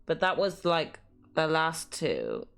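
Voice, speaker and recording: Low-voiced woman streamer thinking aloud. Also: huge pitch swings, takes it slowly, gravelly. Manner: thinks aloud, reads clues and letters aloud. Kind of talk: live gameplay commentary.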